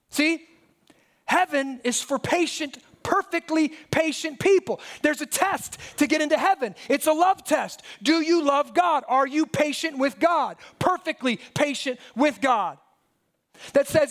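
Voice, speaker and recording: High-pitched pastor guy in his 30s, preaching, lots of questions, lively stories. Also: a little slow. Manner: animated storytelling with rhetorical questions. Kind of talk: sermon.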